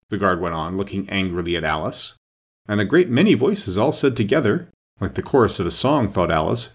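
A man narrating a children's storybook aloud with an expressive, lively delivery. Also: sits low, fairly quick, husky. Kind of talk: storybook reading.

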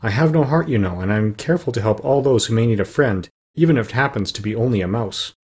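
A man reading an audiobook, voicing a gentle, polite, kind-hearted male tin woodman. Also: medium pitch, lively intonation, fast, slightly rough. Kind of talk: audiobook character voice.

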